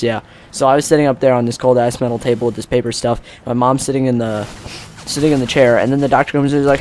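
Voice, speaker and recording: A man's voice: medium pitch, fairly even intonation, fast talker, a little mellow, a little hiss or hum. Teen guy gaming commentator, chatty storyteller, loose and rambling, acts out other people. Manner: rambling, filler-heavy, acts out quotes. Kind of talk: casual storytelling over gameplay.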